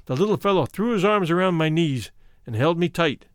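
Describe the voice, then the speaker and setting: A man's voice: fairly high pitch, lively intonation, no room sound. Somber male narrator, dry close sound. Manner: measured, somber storytelling. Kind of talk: dramatic first-person reading of a memoir.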